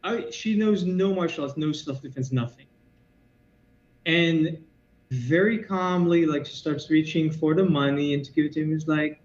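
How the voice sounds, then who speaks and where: A man, a martial arts teacher, explaining ideas and telling stories quickly as a podcast guest over a remote call. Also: on the high side. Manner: quick, explanatory, storytelling with asides. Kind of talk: podcast interview. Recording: echoey, dull lo-fi sound.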